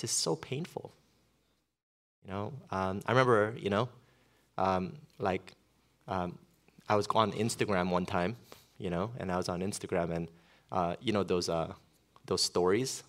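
A man's voice: low-pitched, moderate pace, long pauses. A middle-aged male pastor preaching a sermon in a conversational way, with lots of fillers and storytelling.

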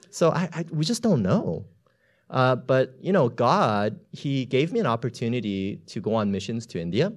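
Guy preaching, tells stories, says like and you know a lot, voice bounces around a ton. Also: on the low side. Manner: chatty, heavy on filler words; swings from hushed to shouting. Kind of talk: storytelling sermon.

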